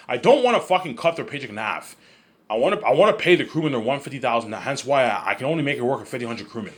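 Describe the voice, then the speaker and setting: Fast rambling man ranting to camera. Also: medium pitch, animated, a little hiss or hum. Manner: repetitive, profane, stumbles over words. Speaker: vlogger. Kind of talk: rambling casual monologue.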